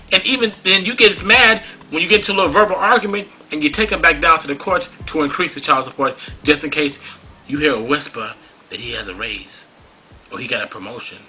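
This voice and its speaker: A man's voice: sits high, brisk, sharp tone, soft background music, poor audio. A man hosting a talk show, delivering a preachy, scolding monologue full of rhetorical questions. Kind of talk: monologue commentary.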